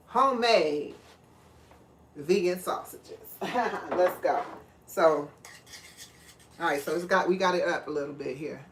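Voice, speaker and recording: A woman's voice: fairly low pitch, slow pace, long pauses. A woman hosting a live cooking stream, chatting casually with viewers and laughing often. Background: clinking dishes and cutlery.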